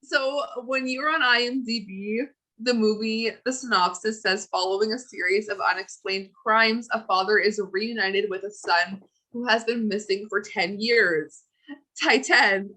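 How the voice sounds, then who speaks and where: A woman's voice: mid-range voice, pushed and bright, rough recording. A woman co-hosting a podcast, chatting casually about movies with lots of fillers and giggles. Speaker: podcast co-host. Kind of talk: casual chat.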